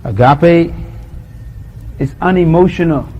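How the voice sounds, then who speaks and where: A Bahamian man preaching with a slightly raised pitch and an animated storytelling manner. He acts out quotes with laughs while a faint background ambience sits under the voice. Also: slow, lo-fi sound, slight background noise. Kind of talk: sermon.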